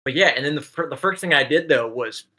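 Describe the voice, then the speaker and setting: A man's voice: fairly high pitch, fast talker, pushed and bright, low-quality recording. A man telling a candid story in loose, slangy podcast chat, heavy on "dude" and "like.".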